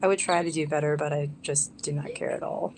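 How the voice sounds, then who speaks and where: A woman's voice: deep voice, fairly even intonation, brisk, background noise. A young woman rambling casually on a live stream, chatty and self-mocking.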